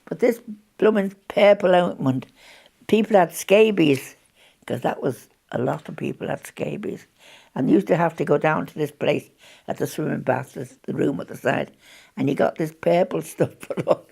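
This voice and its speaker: A woman's voice: low-pitched, moderate pace, gravelly, a little mellow, slightly rough. A woman, chatting as she recalls wartime memories in an interview and laughing often. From Birkenhead, England. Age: 80s.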